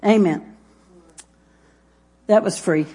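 A woman's voice: medium pitch, slow, dark tone, slightly rough. Woman preacher, emphatic, repetitive delivery, addresses the congregation directly. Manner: emphatic, repeats phrases, talks straight to listeners. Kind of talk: sermon.

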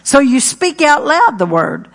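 A woman's voice: high voice, big pitch swings, unhurried, vocal fry. A middle-aged woman preaching a sermon, earnest and emphatic, repeating her key phrases.

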